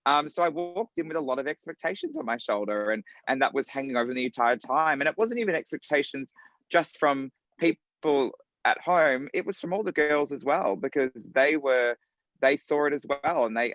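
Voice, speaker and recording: Animated Australian man, laughing storyteller. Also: mid-range voice, brisk, dry recording, lo-fi sound. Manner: animated, laughing, acts out quotes. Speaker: drag performer interviewed as a guest. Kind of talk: casual interview chat.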